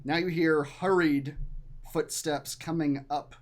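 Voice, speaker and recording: A game master narrating an online tabletop game with hesitant pauses and fillers over a voice call. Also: medium pitch, steady tone. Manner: hesitant, many fillers, chuckling. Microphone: computer mic on a voice call.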